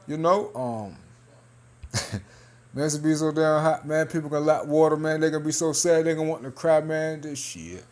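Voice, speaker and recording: A man's voice: on the high side, normal speed, a little mellow. A man in casual commentary, reading news aloud and talking loosely, half-joking, with laughs and lots of 'man' and 'hey'. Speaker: religious video commentator.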